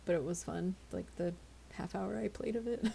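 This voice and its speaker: Woman streamer, sleepy and chatty, low gravelly fry, giggles a lot. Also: moderate pace, dark tone. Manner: chatty, giggly, stumbling over words. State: tired, yawning. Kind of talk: casual live-stream chat with viewers.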